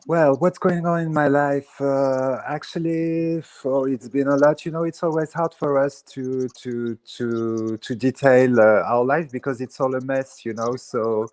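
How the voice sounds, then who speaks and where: A man from France with a French accent, speaking English as a second language, hesitant and halting as a guest on a livestream chat. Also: medium pitch, steady tone, a little mellow, clear, resonant tone. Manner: hesitant, halting English with many fillers and restarts. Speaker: guest caller.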